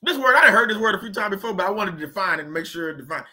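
A man's voice: high-pitched, animated, racing, sharp tone. A man hosting a casual, faith-based motivational talk, speaking in a colloquial, preachy way and repeating his points for emphasis. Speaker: host.

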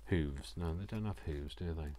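A man's voice: a bass voice, moderate pace, mellow. A man chatting casually as he unboxes craft gifts, gushing, gasping and talking to himself. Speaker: craft vlogger.

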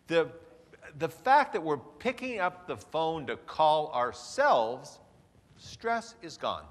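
A man's voice: mid-range voice, a bit bright. A man giving a motivational seminar talk in a large hotel hall, playful and theatrical. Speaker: seminar speaker. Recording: reverberant hall.

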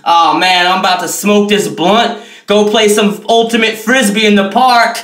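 A man's voice: high-pitched, fairly even intonation, normal speed, fairly bright tone, roomy sound, pitched below the performer's own voice. A man voicing a laid-back, hot-tempered male malt liquor bottle in a comedy sketch, with a drawling slacker way of talking.

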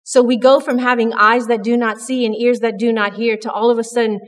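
A woman's voice: on the high side, level tone, fairly quick, big-room sound. A woman giving an earnest, conversational devotional talk at church, with frequent restarts. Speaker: church speaker.

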